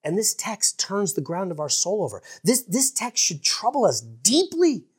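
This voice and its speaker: A woman preaching a sermon in an earnest, emphatic way, dropping to hushed asides for effect. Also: mid-range voice, wildly swooping pitch, moderate pace, husky.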